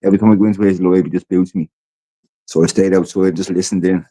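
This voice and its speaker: Deep-voiced Irish man chatting. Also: steady tone, fast, warm tone, no echo. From Ireland. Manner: conversational, repeats himself, acts out quoted lines. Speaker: podcast co-host. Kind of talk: casual chat.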